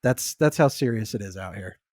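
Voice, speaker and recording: A man's voice: on the low side, brisk, no echo, studio quality. Laid-back bantering podcast man. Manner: laughs often, teasing, relaxed banter. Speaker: podcast co-host. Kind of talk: casual chat.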